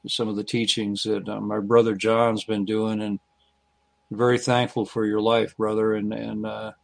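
A man rambling warmly with many fillers in a casual online roundtable chat. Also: on the low side, level tone, normal speed, vocal fry, no echo.

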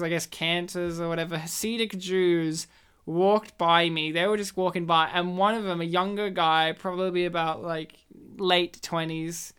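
A woman, co-hosting a podcast and telling a story in a lively, laughing way. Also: lowish voice, clean tone. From Australia. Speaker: podcast co-host. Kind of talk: casual chat, storytelling.

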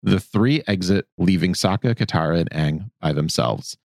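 A man's voice: low-pitched, normal speed, gravelly, a little mellow, no echo, studio quality. A man co-hosting a podcast, casually recapping episodes and putting on silly voices for the characters. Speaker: podcast co-host.

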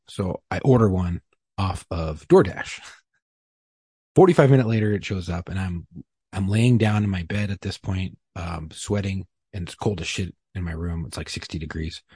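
A man with a low, deeply husky voice tells his story in a loose, profane, rambling way, often joking at his own expense. The sound is close and dry, with no room around it. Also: warm tone, no room sound. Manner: profane, rambling, self-deprecating. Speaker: podcast guest. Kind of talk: casual storytelling.

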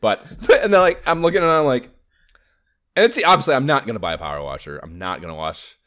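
Excitable swearing man, animated voice. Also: medium pitch, brisk. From Los Angeles area. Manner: excitable, swears a lot, laughs often. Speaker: podcast co-host. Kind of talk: casual chat about games.

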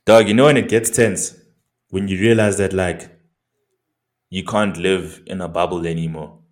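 A young South African man with a low voice keeps a steady tone at a normal pace. He's chatting casually as a podcast co-host, laid-back and slangy, swearing plenty.

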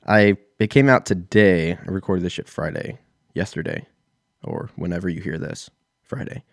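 A man's voice: low-pitched, expressive, moderate pace, gravelly, no room sound, studio quality. A man in his thirties, telling a rambling, profane, self-mocking story in a casual solo podcast. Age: 30s. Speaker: podcast host.

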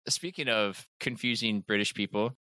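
A man's voice: fairly low pitch, moderate pace, pushed and bright, dry recording. A man from the United States joking around in casual podcast banter, swinging between mock outrage and laughter.

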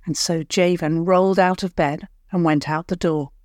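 A woman telling a children's bedtime story in a calm, soothing, unhurried way. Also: fairly low pitch, no echo, studio quality.

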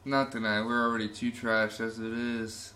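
A man with a bright, forceful voice in a loose, rambling podcast chat. He tells jokes and laughs at his own punchlines. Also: medium pitch, level tone, normal speed, slight background noise. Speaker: podcast co-host. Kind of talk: casual joke-telling chat.

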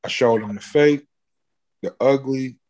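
A man in an interview, casually telling a long story, swearing freely and jumping high in pitch when he acts out what people said. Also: a little slow, a little mellow. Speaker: interview guest, musician.

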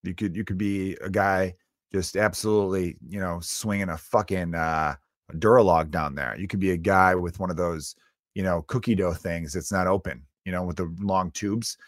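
Low-voiced man ranting, dry sound. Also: steady tone, normal speed, no echo. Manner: rambling, profane, jumps between loud bursts and mutters. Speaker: comedian podcast host. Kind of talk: solo comedic rant.

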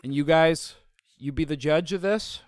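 A man co-hosting a casual podcast chat about a movie, playful and quick to laugh, chiming in with jokes and trivia. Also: on the high side, darkish tone, dry recording, clean studio sound. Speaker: podcast co-host.

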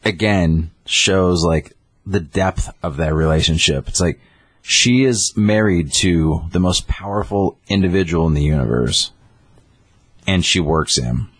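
A man with a very low, husky voice tells comic book scenes in casual chat. He acts out the characters as he goes. The sound is dry and close. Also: measured pace, dry recording. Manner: animated storytelling, acting out characters. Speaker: comic book podcast co-host.

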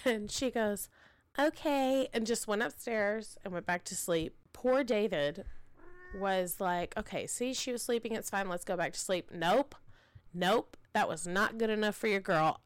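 A woman's voice: mid-range voice, smooth, dry recording. A woman in her thirties co-hosting a podcast, telling a story and acting out the lines she quotes. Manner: animated, acts out quotes. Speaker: podcast co-host, mother. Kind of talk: casual storytelling chat.

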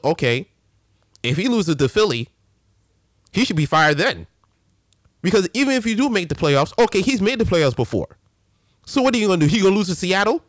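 A man hosting a casual sports rant, animated and full of slang and restarts. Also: high voice, dry recording, studio quality. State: a little winded. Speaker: sports show host.

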